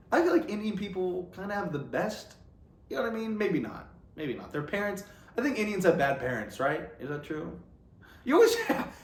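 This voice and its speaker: Young man, casual vlogger, rambling and self-interrupting, lively pitch, slightly high voice, roomy echo.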